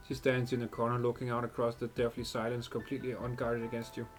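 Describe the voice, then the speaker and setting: A man's voice: mid-range voice, monotone, fast, few pauses, soft background music. A young man reading a game's narration aloud while he plays, with profane outbursts between lines. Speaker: gamer reading a story aloud. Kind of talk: reading game text aloud while playing.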